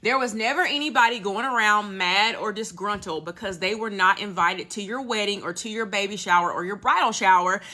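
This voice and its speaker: A middle-aged woman with a bright, crisp voice, reminiscing in a casual, matter-of-fact way. She talks steadily through her memories. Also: medium pitch, brisk, hardly any pauses. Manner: matter-of-fact, reminiscing about old customs. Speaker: storyteller.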